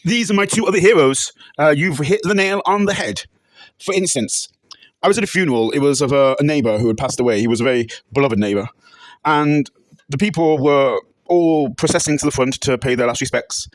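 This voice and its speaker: A man's voice: fairly high pitch, fairly quick, no room sound. Man rambling through absurd stories. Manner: rambling anecdotes with bursts of shouted catchphrases. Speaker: comedic interviewee. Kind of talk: deadpan absurd comedy monologue.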